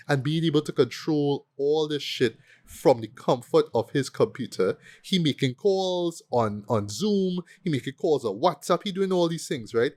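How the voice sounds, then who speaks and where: A man giving a casual, profane movie review rant, animated and often acting out quoted lines. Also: fairly high pitch. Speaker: podcast co-host.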